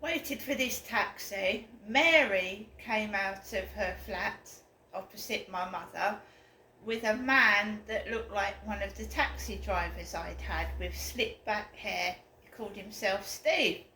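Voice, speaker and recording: Rambling, indignant woman, bright tone. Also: mid-range voice, takes it slowly. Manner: rambling, indignant, gets worked up. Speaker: vlogger. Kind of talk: casual storytelling to camera. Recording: roomy echo, faint room noise.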